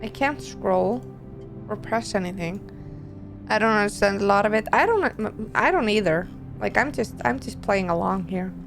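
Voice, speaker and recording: A woman game streamer with a hoarse, tiring voice, reading game text aloud and commenting while she plays, often clearing her throat. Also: medium pitch, expressive, normal speed, music in the background. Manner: frequent throat clearing, self-correcting. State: hoarse, voice giving out.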